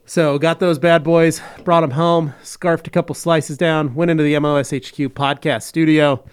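Male podcast host, dry joker, relaxed and clear-voiced. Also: on the high side, normal speed. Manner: dry, joking, relaxed delivery. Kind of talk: casual chat.

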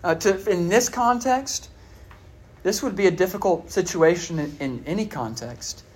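Here the preacher's medium-pitched voice has lively intonation and a breathy edge, moving at a moderate pace. His sermon stays conversational as he asks the listeners questions, filling gaps often with "all right" and "uh."

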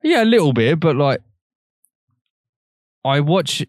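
A young man co-hosting a podcast, chatting casually, swearing often and telling animated stories. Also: fairly high pitch, slow pace, no echo, studio quality. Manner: swears a lot, animated storytelling. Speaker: podcast co-host. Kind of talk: casual chat.

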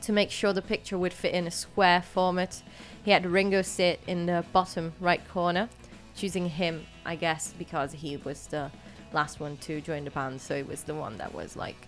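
A woman's voice: on the low side, fairly even intonation, moderate pace, hardly any pauses, faint music behind. A woman hosting a podcast, mixing read-out notes with casual, hesitant chat that is full of fillers. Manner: chatty, hesitant, many fillers. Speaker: podcast host.

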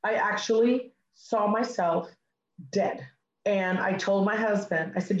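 Middle-aged woman, interview guest, lively storyteller who acts out the dialogue; roomy, echoey sound. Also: mid-range voice, takes it slowly, lo-fi sound. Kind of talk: personal storytelling. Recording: echoey room.

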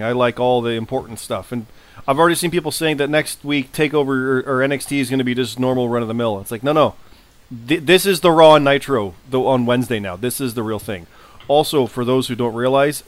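A man co-hosting a casual podcast, talking at length and jumping in often. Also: mid-range voice. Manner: talkative, quick to jump in. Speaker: podcast co-host. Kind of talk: casual chat.

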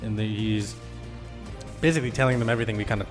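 A man casually recapping a video game in a chat, laid-back and cussing, acting out characters' lines in quick voices. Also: on the low side, steady tone, long reverb tail, over music.

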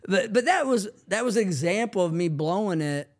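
A man co-hosting a podcast, telling family stories in a lively casual chat. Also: high voice, fairly quick. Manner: animated storyteller acting out quoted family lines. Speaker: podcast co-host, family ministry leader.

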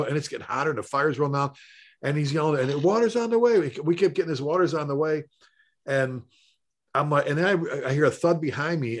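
A middle-aged man, a firefighter and paramedic, telling rambling, animated stories in casual conversation. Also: mid-range voice. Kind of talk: conversational storytelling.

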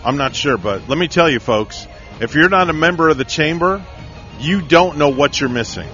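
A man's voice: on the high side, expressive, normal speed, bright, forceful tone, lo-fi sound, soft background music. A man hosting a morning radio show, chatting casually and jokingly plugging local business.

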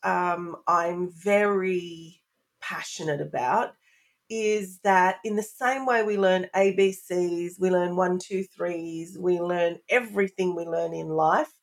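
A woman's voice: lowish voice, takes it slowly. Earnest woman, parenting expert guest. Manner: earnest, speaks in lists and repetitions. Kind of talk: podcast interview.

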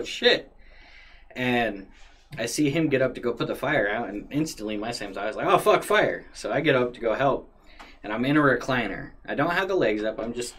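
A man casually retelling a story in a profane, animated way. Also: medium pitch. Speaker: storyteller guest.

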